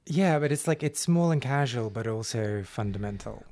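Male co-host, gravelly and lively, dry sound. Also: medium pitch, moderate pace, dry recording. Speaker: podcast co-host. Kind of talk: casual chat.

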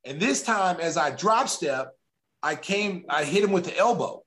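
A middle-aged man from Oklahoma spins a long, casual story for an interviewer. His voice sits a little high, and he throws himself into the quoted lines, jumping up in pitch for the big moments. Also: measured pace. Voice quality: animated storyteller who acts out quotes. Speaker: guest, former basketball player. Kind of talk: casual anecdote telling.

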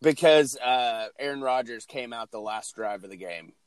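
A man's voice: medium pitch, moderate pace, clean tone, dry recording. A man co-hosting a podcast in casual chat, easygoing, with short remarks and some swearing. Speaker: podcast co-host.

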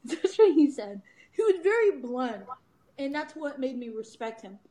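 A woman's voice: high voice, sing-song, normal speed, dark tone, low-quality recording. A woman guest telling a candid personal story in an interview, laughing often and acting out what others said. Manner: candid, laughs often, acts out quoted voices. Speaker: guest, author and speaker.

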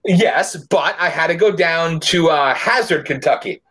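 A man's voice: on the high side, unhurried, a bit bright, breathy edge. A man hosting a casual podcast chat in a joking, loose way, swearing freely. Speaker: podcast host.

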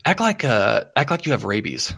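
A man hosting a prank-call show, talking fast and teasing, with profanity. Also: medium pitch, sing-song, gravelly, a bit bright, slightly rough, no room sound. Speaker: host. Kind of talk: casual chat.

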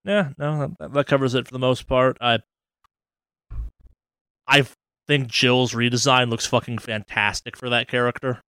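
A man's voice: mid-range voice, little pitch movement, a little slow, long pauses, sharp tone, clear, resonant tone, no echo. A man co-hosting a casual gaming news podcast, talking with rambling enthusiasm and swearing freely. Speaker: podcast co-host.

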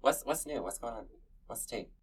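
A man's voice: mid-range voice, animated, fairly quick, a little hiss or hum. Campy, chatty man, a bit far off. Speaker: podcast co-host. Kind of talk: casual chat.

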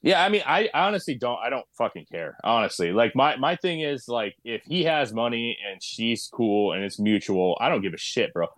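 Male podcast guest, mid pitch, blunt and profane, dry close mic. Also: very animated, a little fast, hardly any pauses, fairly bright tone, dry recording. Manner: blunt and swearing, says "bro". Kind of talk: casual podcast chat.

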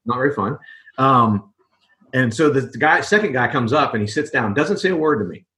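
A man's voice: medium pitch, expressive, moderate pace, sharp tone. A man in a casual interview, telling a story conversationally and checking in with "right?" and "you know". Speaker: podcast guest.

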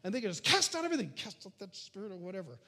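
A man preaching a sermon, animated, swinging from loud calls to hushed near-whispers. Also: sits high, rapid-fire. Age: adult. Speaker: pastor.

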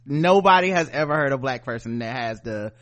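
A man with a Southern US accent, co-hosting a podcast in animated, joking casual chat. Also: mid-range voice, brisk. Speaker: podcast co-host.

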